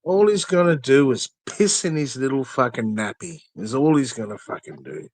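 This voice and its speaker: A man's voice: mid-range voice, lively intonation, normal speed, dry recording. A man, ranting angrily and profanely as a guest in a casual chat, full of threats. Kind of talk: angry rant in casual chat.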